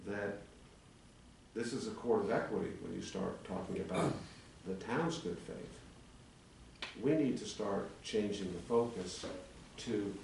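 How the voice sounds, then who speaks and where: A man's voice: fairly low pitch, slow, creaky, darkish tone. A man in his sixties, an attorney, presenting a legal argument to a town commission in a formal public meeting. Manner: argumentative, building a legal case. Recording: echoey chamber, distant mic, faint hum.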